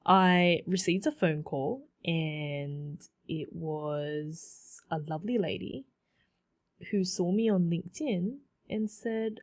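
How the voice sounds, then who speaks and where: A woman in her thirties hosting a solo podcast, telling her story in a chatty, animated way with many fillers and repeats. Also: on the low side, slow. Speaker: podcast host.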